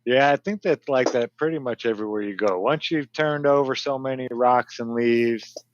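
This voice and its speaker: A man's voice: mid-range voice, moderate pace, slight background noise. Laid-back man in his forties. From northern Indiana. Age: 40s. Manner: laid-back, laughs often. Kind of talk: casual chat. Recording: dull, dry lo-fi recording.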